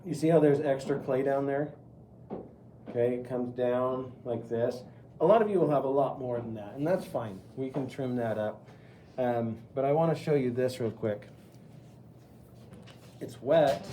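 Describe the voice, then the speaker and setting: A middle-aged pottery teacher chats through a live wheel-throwing demo, guiding students step by step. He speaks at a measured pace with long pauses in a mellow, medium-pitched voice, over slight background noise.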